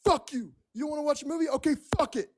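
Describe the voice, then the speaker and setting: A volatile ex-boyfriend yelling and cursing, as a woman mimics him in a story. The voice jumps up high and loud. Demanding and quick to blow up. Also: lightly acted. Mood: angry ranting. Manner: shouting, swearing, demanding. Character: angry volatile ex-boyfriend, adult man.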